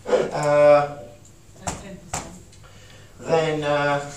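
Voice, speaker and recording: A man's voice: on the high side, completely flat delivery, extremely slow, a little mellow. A man giving an informal, joking talk to a live audience, acting out emotions as he goes. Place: small event room. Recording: echoey room, voice from far off, audible noise.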